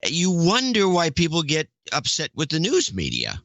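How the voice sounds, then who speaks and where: Opinionated man with a bright, dry voice. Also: on the high side, huge pitch swings, moderate pace, creaky, dry recording, highs cut off. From lives in the Oakland area. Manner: opinionated, rambling, emphatic. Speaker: podcast co-host. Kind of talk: casual podcast banter.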